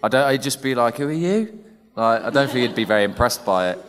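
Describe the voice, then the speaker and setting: A young man trading jokes on a convention panel, his voice pitched in the middle range. It rings with a long reverb from the big hall around him. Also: fairly bright tone. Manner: jokey, quick banter. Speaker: actor panelist.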